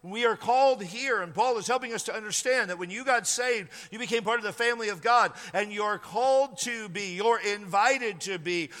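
A middle-aged man preaches with a high, bright voice, repeating phrases and drawing out words for emphasis. His voice echoes through a church sanctuary with a long, lingering reverb. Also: moderate pace, few pauses. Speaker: pastor. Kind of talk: sermon.

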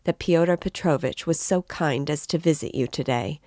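A woman's voice: deep voice, moderate pace, warm tone, dry recording, clean studio sound, lightly acted. A woman voicing an anxious, tearful mother who pleads timidly. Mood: pleading.

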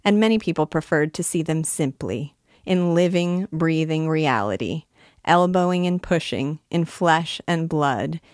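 A woman reading a classic novel aloud in a measured, expressive way. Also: low-pitched, dry recording, clean studio sound. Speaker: reader and teacher.

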